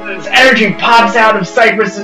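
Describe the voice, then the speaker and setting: A man narrating as game master, rambling and excitable with lots of fillers and yelped sound effects. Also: sits high, normal speed. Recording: roomy echo from a distance, music behind.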